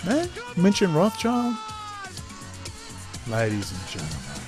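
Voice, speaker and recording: A man's voice: medium pitch, fairly quick, music in the background. A man hosting a profane, heated commentary show, sarcastic and openly frustrated as he rants. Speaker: host.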